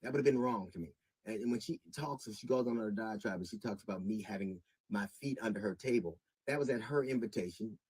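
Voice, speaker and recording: Middle-aged man, husky voice, dry close sound; measured with halting restarts, rising to indignation. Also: fairly low pitch, darkish tone, no echo, poor audio. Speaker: comedian. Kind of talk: public statement.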